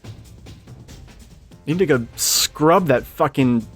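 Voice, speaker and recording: A man giving casual let's-play commentary, swearing freely and quick to rant at game characters. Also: on the high side, lively intonation, soft background music. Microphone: desk microphone.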